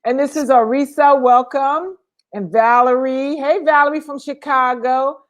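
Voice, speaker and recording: A woman co-hosting a casual livestream chat, lively and chatty, calling out viewers by name. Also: sits high, a little slow. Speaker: co-host.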